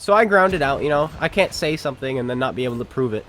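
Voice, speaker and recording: A man's voice: medium pitch, racing, hardly any pauses, a bit bright, a little hiss or hum. A man giving sarcastic, joking commentary over a tank game, talking to enemies and viewers as he plays. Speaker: gaming commentator. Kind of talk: casual gameplay commentary.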